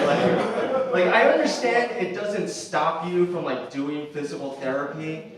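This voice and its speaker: A man's voice: a little high, expressive, slow pace, long pauses, over a noisy crowd. A young man doing a stand-up comedy set, talking casually with lots of fillers and acting out other people's lines. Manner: conversational, acts out quoted voices, frequent "like" fillers. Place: theatre stage with audience laughing. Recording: roomy echo, distant mic, faint noise.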